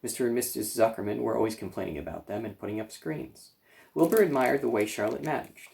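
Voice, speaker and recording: A man reading a children's chapter book aloud, gentle storytelling with small slips. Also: on the low side, fast, creaky. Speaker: children's librarian reader.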